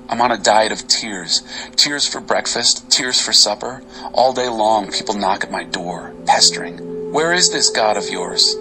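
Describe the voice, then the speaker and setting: A man giving an expressive, dramatic reading of Bible psalms over faint music. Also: fairly low pitch, low-quality recording. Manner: expressive, varied delivery. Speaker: scripture reader.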